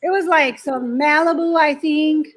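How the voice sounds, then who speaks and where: A woman's voice: sits high, steady tone, measured pace. A woman in a casual chat, telling a chatty story and swearing casually.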